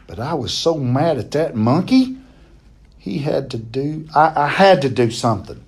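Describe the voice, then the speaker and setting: A man's voice: medium pitch, expressive, moderate pace, creaky, a little mellow, breathy edge. A man reading a novel chapter aloud, telling it expressively and now and then stumbling and repeating a word.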